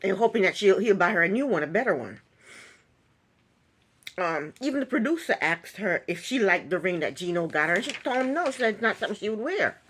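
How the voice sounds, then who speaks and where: A woman recaps a reality TV episode in a loose, chatty monologue. She speaks at a medium pitch, pausing on ums and giving her own opinions as she goes. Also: sing-song, fairly bright tone, husky. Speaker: recap vlogger.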